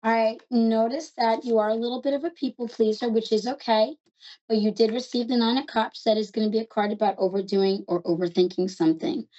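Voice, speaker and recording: Chatty New York woman hosting a psychic call-in, mellow and a little muffled. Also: on the high side, steady tone. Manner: fast, chatty and affectionate, calls callers love. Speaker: psychic reader host.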